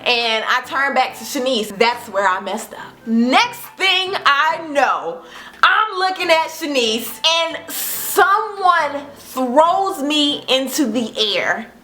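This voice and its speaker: A woman in her twenties, a vlogger telling a casual storytime, animated and acting out what people said. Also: sits high, slow, soft background music. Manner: animated, acts out quotes with laughs.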